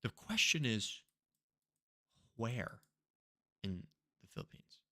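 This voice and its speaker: Young guy streaming a guessing game, super animated, bright sharp voice, swears a ton and yells out guesses. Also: on the low side, takes it slowly. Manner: excitable, swears a lot, loud outbursts. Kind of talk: live-stream reaction commentary.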